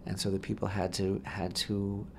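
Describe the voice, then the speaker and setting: A man with a low, gravelly voice leads a radio discussion of scripture, building long, wordy sentences and leaning hard on key phrases. He often circles back and repeats himself as he works toward a point. A faint hiss sits under the recording. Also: level tone, moderate pace. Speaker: rabbi co-host. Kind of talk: Torah discussion on talk radio.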